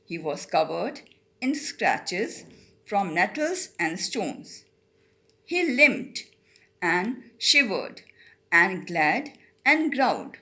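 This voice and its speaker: A woman's voice: medium pitch, very animated, bright, forceful tone. A middle-aged woman teacher, reading a story aloud and explaining it line by line, with some Hindi. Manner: reads a line, then explains it slowly, switching into Hindi.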